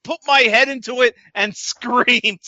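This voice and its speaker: A man's voice: very high voice, fairly even intonation, a little slow, bright, forceful tone, no echo, lo-fi sound. A man co-hosting a podcast, recapping wrestling in casual chat with a sarcastic, swearing manner. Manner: sarcastic, swears, quotes wrestlers in put-on voices. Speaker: podcast co-host.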